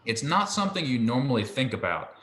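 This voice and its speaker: A man's voice: medium pitch, big pitch swings, fairly quick, a bit bright, reverberant, a little hiss or hum. A man giving a casual one-on-one lesson, patient and a little hesitant, with frequent ums. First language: English. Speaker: Hebrew tutor.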